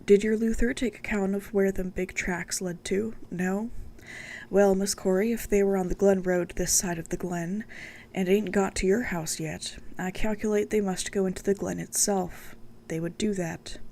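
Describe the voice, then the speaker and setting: A woman's voice: mid-range voice, fairly even intonation, normal speed, dark tone, lightly acted. A woman voicing a frightened rural housekeeper in a storybook reading, read plainly without a dialect. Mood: uneasy.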